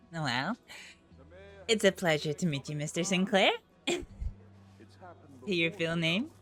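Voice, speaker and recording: A woman's voice: on the low side, animated, takes it slowly, pauses often, fairly bright tone, faint music behind. A woman playing a polite young Nordic traveler with an Icelandic accent, giggly and courteous in a live game roleplay. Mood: amused. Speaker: streamer.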